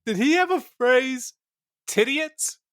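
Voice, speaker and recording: Giggly young man, high and bright. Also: takes it slowly, no echo, clean studio sound. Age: 20s. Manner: giggly, rambling, animated. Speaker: podcast co-host. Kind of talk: casual chat.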